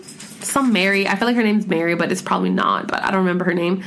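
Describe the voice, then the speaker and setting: A woman in her thirties chatting casually at home as a podcast host, rambling and expressive, with heavy swearing and filler words. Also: medium pitch, fast, gravelly, a little hiss or hum. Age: 30s. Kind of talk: casual chat. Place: home room with pets.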